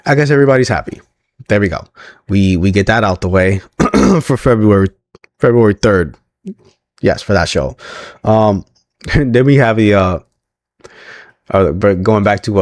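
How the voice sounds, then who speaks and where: Guy with a lowish voice doing a loose recap vlog, lots of ums and little laughs, dead dry sound. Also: expressive, moderate pace, darkish tone, no echo. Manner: rambling, filler-heavy, chuckling asides. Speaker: wrestling recap host. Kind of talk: casual recap commentary.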